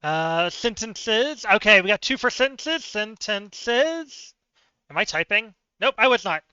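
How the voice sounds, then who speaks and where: A man with a high, piercing, very bright voice talks through word puzzles on a live stream, chatty and self-mocking as he thinks aloud. His voice comes out smooth and clean, close and dry, though the audio is a little dull and lo-fi. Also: lively intonation, unhurried, no echo.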